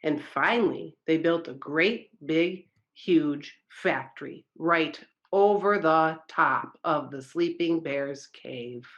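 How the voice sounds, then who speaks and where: A woman reading a children's story aloud at a church service, expressive and engaging her listeners. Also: sits low, slow, hardly any pauses, lo-fi sound.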